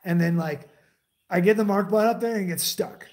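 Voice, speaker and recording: A young man telling a war story in casual chat, rambling and swearing, with many fillers and restarts, dropping low and quiet when he quotes others. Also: normal speed.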